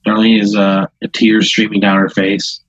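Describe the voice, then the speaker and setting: A man's voice: on the low side, flat delivery, moderate pace, a bit bright, breathy edge, no echo, muffled recording. A man hosting a casual chat, spinning an improvised story full of quoted voices and laughter. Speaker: host.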